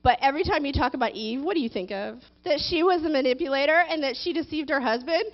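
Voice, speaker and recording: A woman's voice: high voice, quick pace. A woman minister preaching a sermon, dramatic and acting out people's prayers. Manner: dramatic, acts out prayers in a whiny childlike voice. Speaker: guest minister. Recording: dull lo-fi recording.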